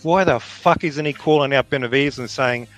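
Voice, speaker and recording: A man's voice: medium pitch, moderate pace, a bit bright, soft background music. A man in a heated boxing debate who keeps cutting in with pointed, repeated questions.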